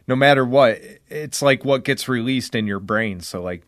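A man's voice: medium pitch, moderate pace, fairly bright tone, no room sound. A young man telling a rambling story on a podcast, stringing thoughts together with filler and swearing. His voice sits in a middle range and comes across close and dry, with little sense of the room around it. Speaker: podcast host. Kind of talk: casual podcast chat.

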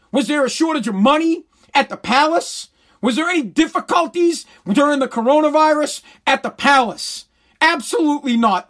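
A man's voice: very high voice, a bit bright. A man delivering a blunt, heated, sarcastic opinion rant full of crude swearing.

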